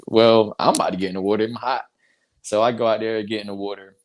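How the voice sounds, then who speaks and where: Young male guest, lowish voice, animated storyteller who laughs and acts out quotes. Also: quick pace. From North Carolina. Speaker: basketball player guest. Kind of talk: casual storytelling.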